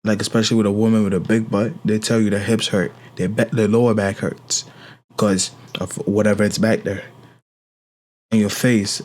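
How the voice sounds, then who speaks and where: A man's voice: fairly low pitch, level tone, moderate pace, darkish tone. A man giving casual reaction commentary, incredulous and questioning, often repeating himself.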